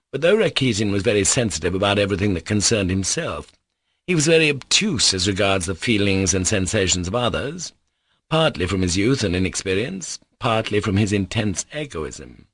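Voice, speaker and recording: A man with a low-sitting voice narrates a classic novel audiobook in a measured, even reading. It's scripted narration with studio quality and no room sound.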